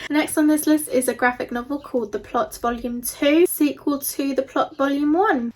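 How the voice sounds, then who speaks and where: A young woman chatting enthusiastically in a casual book vlog, laughing between points. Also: fairly high pitch. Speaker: book reviewer.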